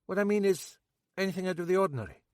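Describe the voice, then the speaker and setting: A man's voice: high-pitched, lively intonation, rapid-fire, darkish tone, no room sound, studio quality, voice pushed up. A man voicing a polite Scottish man who asks precise questions.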